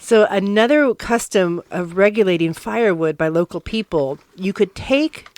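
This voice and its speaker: Woman on a podcast walking thru where sayings come from, mid-pitch, dry close sound. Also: lively intonation, normal speed, a little mellow, no echo. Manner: explanatory, curious about word origins. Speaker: podcast co-host. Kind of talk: casual chat, sharing history.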